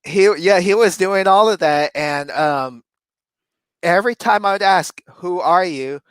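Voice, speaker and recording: A man's voice: high voice, unhurried, fairly bright tone, clear, resonant tone, no echo. A man co-hosting a casual chat, animatedly telling a story and laughing often as he talks. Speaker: co-host.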